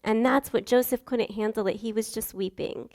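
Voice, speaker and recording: A woman's voice: fairly high pitch, fairly even intonation, normal speed, darkish tone. Earnest young woman giving a chatty sermon. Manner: chatty, earnest, acts out voices of Bible figures. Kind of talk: casual sermon talk.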